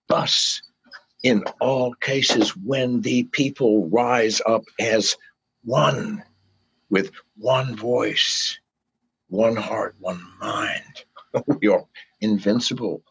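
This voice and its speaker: An older man giving an interview, fiery and profane, swinging from low mutters to shouted pleas. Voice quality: gravelly and husky. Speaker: guest. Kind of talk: impassioned interview rant. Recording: dull lo-fi call audio.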